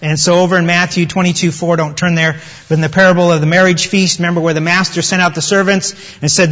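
Male preacher, high-pitched, drawn-out emphasis on key words, dull roomy church recording. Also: steady tone, fairly bright tone. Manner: conversational preaching, stretches quoted words, restarts. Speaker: pastor. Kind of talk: sermon.

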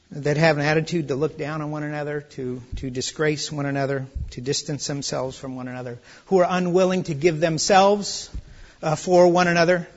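A man preaching a conversational verse-by-verse sermon, dropping soft and low, then rising to loud, high exclamations. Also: highs cut off. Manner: conversational, with restarts and asides. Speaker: pastor. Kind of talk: expository sermon.

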